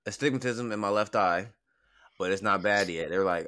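A man's voice: low voice, a little fast, pushed and bright, clean tone. A young man chatting casually as a podcast co-host, blunt and teasing, with lots of profanity. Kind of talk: casual chat.

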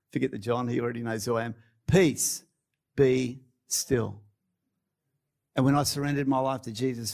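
A man's voice: medium pitch, darkish tone. An Australian man preaching a sermon, chatty and prone to laughing asides while he tells stories dramatically.

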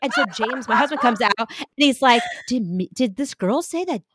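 A woman in her thirties telling stories about her children in casual chat, animated and laughing often. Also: fairly high pitch, normal speed, slight background noise. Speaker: podcast guest.

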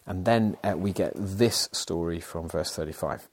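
A man's voice: low-pitched, measured pace, few pauses, husky. A man, a pastor, giving an earnest, explanatory Bible teaching with frequent fillers and restarts. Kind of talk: sermon-style Bible teaching.

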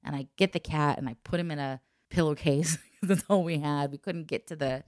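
Low-voiced woman telling a lively story. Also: a little fast, no echo, clean studio sound. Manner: lively, laughing often, acts out quoted voices. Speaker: guest telling a personal story. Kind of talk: casual storytelling.

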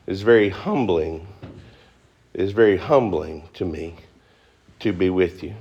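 A middle-aged male pastor preaching a sermon to a congregation, fast and folksy, rising into high emphatic bursts. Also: dull audio. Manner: fast-talking, folksy with y'all and ain't. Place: church before a congregation.

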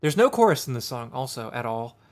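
A man's voice: mid-range voice, very animated, brisk. A man co-hosting a casual music review chat, talking in a rambling way with many fillers and restarts. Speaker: podcast co-host reviewing an album.

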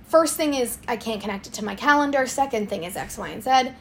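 A young woman, telling a lively story in a casual podcast chat. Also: a little high, creaky, crowd noise. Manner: animated storytelling, quick swings in loudness. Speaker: swim school owner, guest.

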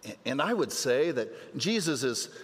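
A man's voice: medium pitch, very animated, moderate pace. A man preaching a sermon as pastor, earnest, often repeating words as he restarts a phrase. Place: church sanctuary. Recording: long church hall reverb.

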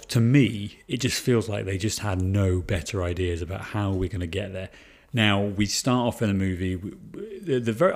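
A man's voice: fairly low pitch, a little mellow. A man co-hosting a casual film review chat, rambling with restarts and swearing for emphasis. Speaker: podcast co-host.

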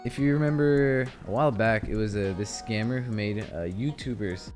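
A man's voice: fairly low pitch, normal speed, darkish tone, soft background music. A young man co-hosting a podcast, bantering and laughing through playful denials. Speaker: podcast co-host. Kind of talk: casual chat.

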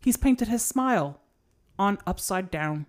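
A woman puts on an overdone Irish lilt to recite a melancholy clown ballad. The delivery is sing-song, with the pitch rising and falling a lot, and she tells it like a mock storyteller. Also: expressive, measured pace, natural voice. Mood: wistful, mocking. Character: woman telling a sad clown's tale in a put-on Irish lilt.

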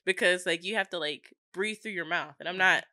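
Bright-voiced woman telling a lively story. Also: lowish voice, a little fast, no echo, clean studio sound. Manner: animated storytelling, acting out voices. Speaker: podcast co-host. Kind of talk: casual chat.

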